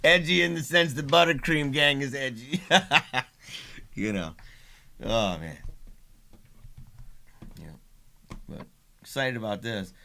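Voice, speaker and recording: A man's voice: mid-range voice, slow, vocal fry, long pauses, pushed and bright. Chatty man hosting a livestream. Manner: chatty, laughing, many restarts. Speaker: livestream host and father. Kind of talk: casual livestream chat.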